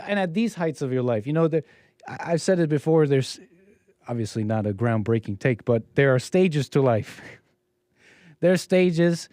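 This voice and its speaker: A man's voice: medium pitch, warm tone, dry recording, studio quality. A man hosting a live stream, commenting on a video in a rambling, sarcastic way with frequent restarts.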